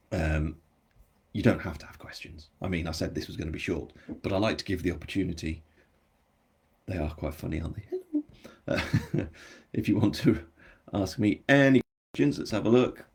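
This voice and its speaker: An English man with a general English accent speaks in a low, husky, darkish voice with vocal fry. He's an author hosting his book launch on a live stream, chatting casually, rambling and self-deprecating as he answers viewer comments.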